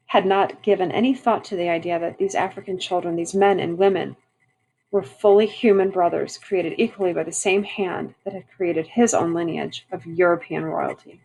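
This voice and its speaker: A woman gives a history lesson to her class. Her voice sits a bit low and has a soft, breathy edge. She talks casually, often stopping to restart a sentence or add a filler as she explains. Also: rough recording. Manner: conversational, frequent fillers and restarts. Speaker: teacher.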